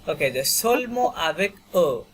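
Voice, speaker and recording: A man's voice: on the high side, big pitch swings, moderate pace, a bit bright. A man teaches an online French class over a video call. He speaks patiently, circles back with "okay" and "you know," and repeats each term for his students. A faint hiss of noise sits under the call. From Bangladesh. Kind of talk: online language lesson.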